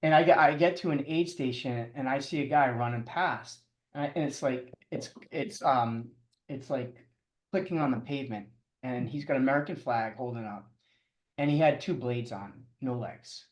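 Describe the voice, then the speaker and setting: A middle-aged man telling his story as a podcast guest, halting and restarting often, with chuckles. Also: medium pitch, reverberant. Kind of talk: casual storytelling interview.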